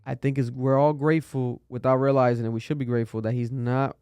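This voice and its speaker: Hosting a podcast, this man speaks quickly and casually, swearing a lot and leaning on plenty of fillers. His medium-pitched voice is smooth and darkish, with little pitch movement and no room sound.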